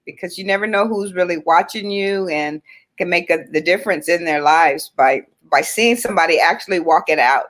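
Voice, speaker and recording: A woman hosting a faith-based talk show, speaking in an encouraging, affirming way and often answering with "right". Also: low-pitched. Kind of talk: faith-based casual chat.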